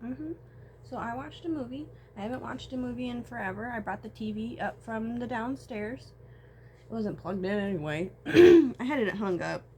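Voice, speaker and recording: A woman's voice: on the high side, moderate pace, warm tone. Rambling, tearful young woman vlogging. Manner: rambling, swearing, voice swings between tearful and laughing. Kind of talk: emotional personal vlog. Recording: faint background noise.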